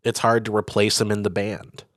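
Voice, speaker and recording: A man's voice: fairly low pitch, little pitch movement, moderate pace, no room sound, clean studio sound. A man co-hosting a podcast, chatting casually about movies with lots of fillers and jokes. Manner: rambling, filler-heavy, jokey. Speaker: podcast co-host.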